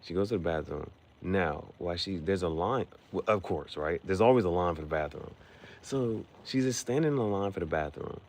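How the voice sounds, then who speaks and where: A man with a very deep, gravelly voice rambles through a movie recap, full of slang and asides. He tells it like casual chat with a friend, and a faint hiss sits under the recording. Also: normal speed. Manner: slangy, rambling, animated storytelling. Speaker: podcast host.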